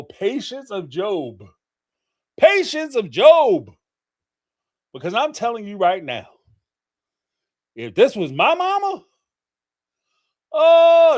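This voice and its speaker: Middle-aged male host with a lively, high voice, theatrical and laughing in casual commentary. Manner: animated, theatrical, laughing storyteller. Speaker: host of a call-in livestream.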